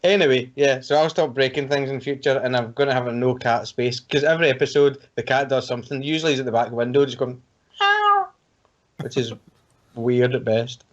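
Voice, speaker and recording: Over muffled, lo-fi call audio from a home computer microphone, a podcast co-host talks fast in a medium-pitched voice with fairly even intonation. The chat is casual and online, full of rambling, joking, and frequent laughter.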